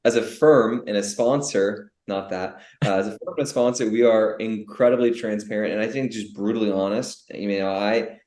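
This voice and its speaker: A young man co-hosting a business podcast, animated and full of rhetorical questions, often restarting his sentences. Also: on the low side, normal speed, hardly any pauses. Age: young adult. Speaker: podcast co-host. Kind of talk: casual business podcast chat. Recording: echoey room.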